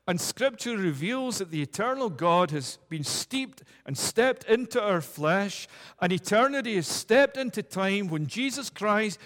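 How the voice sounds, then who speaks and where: Preacher in an echoing hall. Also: male voice, fairly bright tone. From United Kingdom. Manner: emphatic, building repeated declarations to a rising pitch. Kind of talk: sermon. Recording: long hall reverb.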